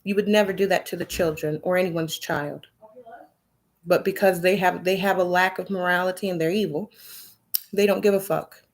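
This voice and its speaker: A woman's voice: on the low side, steady tone, normal speed. A woman vlogger delivering a heated, blunt monologue full of profanity and rhetorical questions. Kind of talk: ranting monologue to camera.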